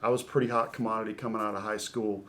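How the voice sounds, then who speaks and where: A middle-aged man, a former ballplayer, telling stories from his career in a lively, casual interview. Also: lowish voice, fast talker. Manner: animated storyteller who acts out quoted voices. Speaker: guest, former baseball pitcher.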